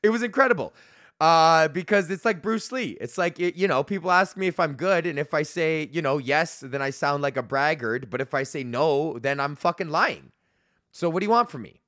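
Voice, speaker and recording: Rambling, profane man with a bright voice. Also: fairly high pitch, expressive, moderate pace, dry recording, studio quality. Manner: profane, rambling storytelling with lots of fillers. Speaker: podcast host and comedian. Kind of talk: solo rambling monologue.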